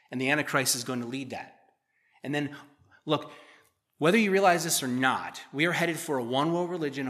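A man's voice: mid-range voice, a bit bright. A man preaching a conversational sermon, often checking in with the congregation. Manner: conversational teaching, frequent "okay?" check-ins. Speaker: pastor.

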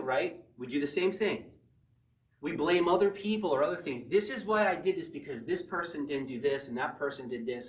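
A man preaching an earnest sermon as a pastor, reading scripture aloud and rising to near-shouts. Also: fairly high pitch. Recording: echoey room, from a distance.

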